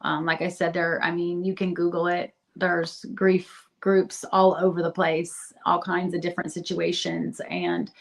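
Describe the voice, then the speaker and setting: A woman with a somewhat low voice speaks as a podcast guest. She talks in a casual, earnest way and encourages listeners as she shares advice. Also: little pitch movement, unhurried, hardly any pauses. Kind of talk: podcast interview.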